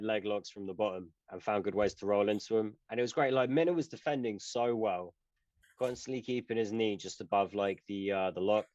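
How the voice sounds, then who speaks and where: A man's voice: lowish voice, no room sound. A man co-hosting a podcast, talking casually in a rambling way with lots of fillers and swearing. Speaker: podcast co-host. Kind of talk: casual chat. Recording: muffled, dry lo-fi sound.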